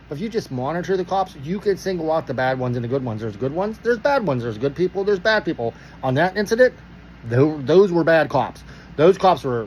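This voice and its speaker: A man from Pittsburgh telling a story casually, animated and profane, acting out the dialogue. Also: a little high, a little hiss or hum, low-quality recording.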